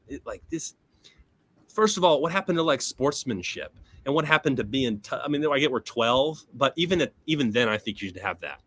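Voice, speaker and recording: A man's voice: medium pitch, expressive, fairly quick, sharp tone. A man speaking as a podcast guest, telling personal stories in an earnest, reflective way, with frequent swearing. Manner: earnest, profane, reflective storytelling. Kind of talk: casual podcast chat.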